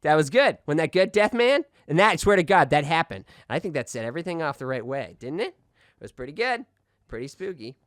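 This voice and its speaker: A man's voice: fairly high pitch, sing-song, brisk, no room sound. A man plays a boastful radio host who rambles and keeps demanding "okay?" as he tells his tale. He stays defensive whenever he is questioned. The recording is dry and close. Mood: rambling. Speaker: radio call-in show host. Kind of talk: comedic audio drama.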